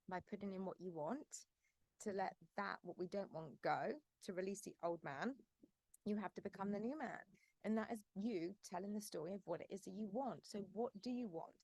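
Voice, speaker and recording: A woman's voice: mid-range voice, normal speed, vocal fry, dry recording. Woman coach, emphatic affirmations, dry sound. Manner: emphatic, repetitive self-affirming declarations; loose chatty delivery with many fillers. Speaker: manifestation coach. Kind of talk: spoken affirmations and vlog talk.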